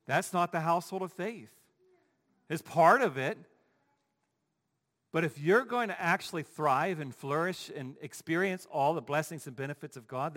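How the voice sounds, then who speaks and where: Preacher guy, highish voice, goes quiet then booms out, echoey church hall sound. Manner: emphatic, swinging between quiet asides and loud declarations. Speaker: pastor. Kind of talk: sermon.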